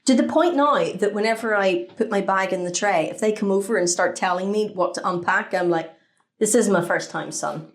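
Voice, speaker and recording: A woman's voice: medium pitch, fairly quick, few pauses. A Northern Irish woman co-hosting a podcast, telling stories in casual chat and swearing freely. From Northern Ireland. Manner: animated storyteller, swearing freely. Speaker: podcast co-host.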